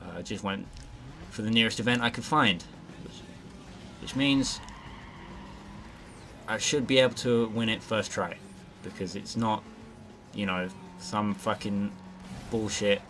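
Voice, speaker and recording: Low-voiced man giving profane game commentary. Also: unhurried, a bit bright, slight background noise. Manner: casual, rambling and heavily profane, with frequent fillers. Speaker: let's play host. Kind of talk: gameplay commentary.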